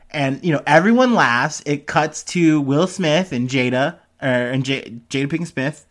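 A man's voice: fairly high pitch, lively intonation, moderate pace, few pauses, a bit bright. A young man hosting a casual news commentary, rambling with lots of fillers and frequent swearing. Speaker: commentary host.

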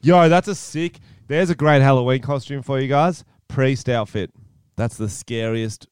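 Young Aussie bloke, podcast co-host, crude banter, smooth low voice, dry close mic. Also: male voice, unhurried, a little mellow, no echo. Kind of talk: casual chat.

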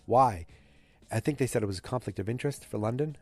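A man's voice: medium pitch, very fast, gravelly, darkish tone, no echo. A man casually recapping an episode, rambling with fillers and self-corrections. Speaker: show recap host.

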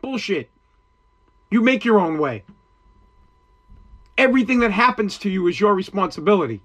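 This man's podcast rant about responsibility is heated and profane, growing more repetitive as he gets worked up and agitated. His high voice is expressive and a bit bright, and he talks a little fast.

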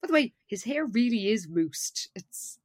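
A woman's voice: a little high, big pitch swings, unhurried. A woman co-hosting a podcast, recapping an episode in casual chat with dry, wry asides. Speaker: podcast co-host.

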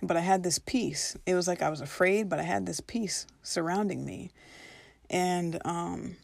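A woman's voice: fairly low pitch, measured pace, creaky, darkish tone, no room sound. A woman telling a personal spiritual story in an earnest, reflective way, now and then acting out her own past reactions.

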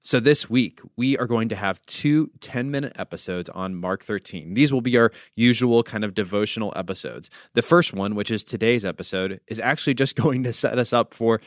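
A man's voice: on the low side, normal speed, hardly any pauses, no room sound, studio quality. A man from the United States, a pastor hosting a devotional podcast, teaching through conversational storytelling with wry asides.

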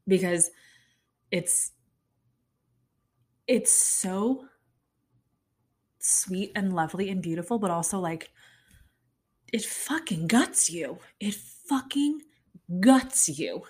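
A woman's voice: lowish voice, slow, long pauses, darkish tone, husky. A young woman hosting a podcast, telling a story in casual chat with a lot of fillers and plenty of feeling. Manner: chatty, lots of fillers, emotional storytelling. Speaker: podcast host.

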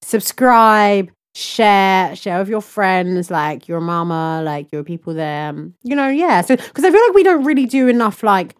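A woman's voice: mid-range voice, unhurried, few pauses, clear, resonant tone. A young woman co-hosting a podcast in casual chat, talkative, laughing often and stretching words for emphasis. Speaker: podcast co-host.

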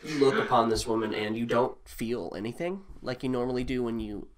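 A man's voice: medium pitch, a little fast. A man narrating a tabletop game as game master, rambling with many restarts.

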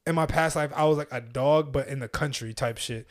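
A man's voice: medium pitch, fairly quick, dry recording, studio quality. A young man hosting a podcast in casual chat, with laid-back slangy talk. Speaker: podcast host.

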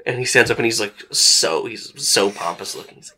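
A young man with a fairly low, creaky voice acts as game master for a tabletop role-playing session, narrating scenes at a moderate pace. His delivery is relaxed and conversational, his sentences stuffed with "like" and "uh."

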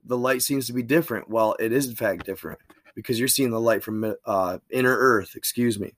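A man's voice: mid-range voice, fairly quick, a bit bright. A man reading a diary aloud in a plain way, stopping now and then for casual asides of his own.

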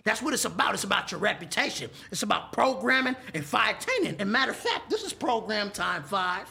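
Gravelly, animated man with a bright edge. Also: sits high, brisk. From Texas. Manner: loud, animated street talk with frequent profanity. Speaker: interview guest. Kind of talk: casual interview chat.

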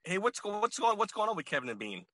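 A man's voice: high-pitched, very animated, quick pace, sharp tone, no room sound, rough recording. A man in his forties, a podcast guest, who stammers, repeats his words and keeps asking "right?" for agreement. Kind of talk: casual remote chat.

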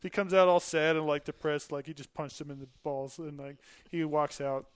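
A man's voice: on the high side, fairly even intonation, moderate pace, smooth, no room sound. Laughing man telling service stories. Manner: laughs often while telling stories, acts out dialogue. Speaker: podcast guest, Air Force veteran. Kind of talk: casual storytelling.

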